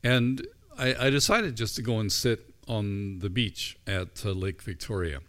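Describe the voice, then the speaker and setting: A man giving a sermon in a relaxed, storytelling manner, easing into his point through anecdotes. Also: on the low side. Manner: relaxed storytelling, unhurried and informal. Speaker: preacher.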